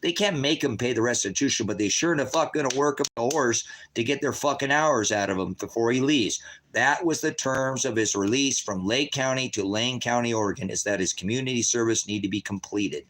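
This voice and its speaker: A man, a father and host, ranting angrily with heavy profanity and sudden rises in pitch. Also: fairly bright tone. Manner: profane, heated, rapid shifts in pitch. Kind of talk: angry livestream rant.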